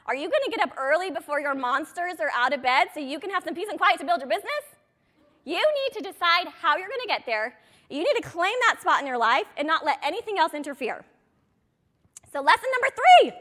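A woman's voice: sits high, fairly bright tone. A woman in her thirties coaching a direct sales audience in a chatty motivational talk, with rambling, self-deprecating asides.

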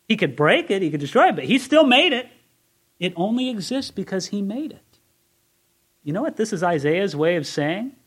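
High-voiced earnest male preacher. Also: breathy edge. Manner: earnest, swings from quiet to emphatic. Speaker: Bible teacher. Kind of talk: expository sermon.

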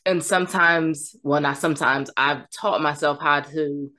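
Host, woman: encouraging questioner, lower-pitched voice. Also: fairly even intonation, a little slow, bright, forceful tone. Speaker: podcast host. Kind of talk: casual interview.

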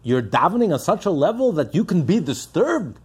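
A man's voice: a little high, big pitch swings, moderate pace, darkish tone, husky, voice pushed up, exaggerated voice. A man voicing a mocking male heckler who taunts someone at prayer with scornful questions, inside a sermon.

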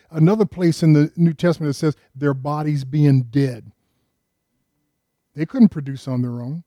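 Mellow-voiced man preaching a sermon. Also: a little high, no echo, studio quality. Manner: asks the congregation rhetorical questions; addresses listeners directly and earnestly. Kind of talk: conversational sermon.

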